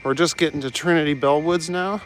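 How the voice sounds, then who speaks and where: A man's voice: on the high side, fairly even intonation, a little fast, soft background music, poor audio. A man hosting a live stream while walking city streets at night, casually chatting and joking with viewers as he reads their messages aloud.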